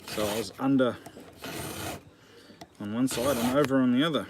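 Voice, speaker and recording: A man from New Zealand, mid-range in pitch and speaking at normal speed, talks casually to his channel while sharpening his chainsaw outdoors. Joking, self-deprecating and easily distracted, he's recorded amid filing noise and birds.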